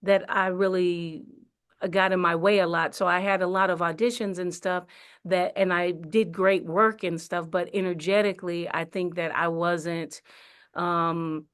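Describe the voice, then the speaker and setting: A woman's voice: fairly low pitch, steady tone, unhurried, fairly bright tone, clean tone. A woman, an actress, telling her story in a casual interview, chatty with many fillers and restarts. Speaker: actress and singer, interview guest. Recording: radio studio interview.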